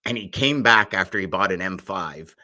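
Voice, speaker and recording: Male podcast host, low and forceful, animated storyteller in casual interview. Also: moderate pace. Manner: animated storyteller, acts out voices in anecdotes.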